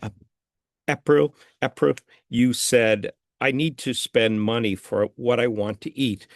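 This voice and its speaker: A man reports grammar notes over a video call in a mid-range voice, stopping and repeating himself as he gently corrects phrasing. His sound is dry and close, with no room behind it. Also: medium pitch, a little slow, no echo. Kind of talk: online meeting report. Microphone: computer mic on a video call.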